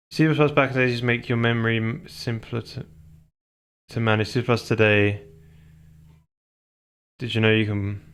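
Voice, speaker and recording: A man's voice: fairly low pitch, clean tone. A man chatting casually while he codes live, drifting between topics and breaking off mid-phrase. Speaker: live-coding streamer. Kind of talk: casual rambling stream chat.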